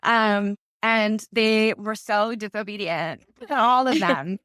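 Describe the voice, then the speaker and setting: A woman's voice: mid-range voice, slow, fairly bright tone, smooth, dry recording, studio quality. A woman author in her thirties, chatting casually in a podcast interview and telling stories with many "like" fillers. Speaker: author guest.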